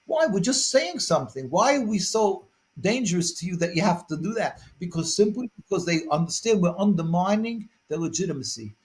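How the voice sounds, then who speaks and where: A high-voiced man, a rabbi, answers interview questions in long earnest stretches. He repeats words while finding his thought and then presses his points with force. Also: big pitch swings, a little fast. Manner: rises to forceful emphasis.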